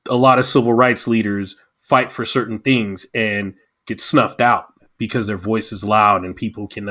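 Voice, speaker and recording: Impassioned man reviewing a show. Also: medium pitch. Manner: impassioned, animated. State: emotional. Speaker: podcast guest. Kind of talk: casual chat.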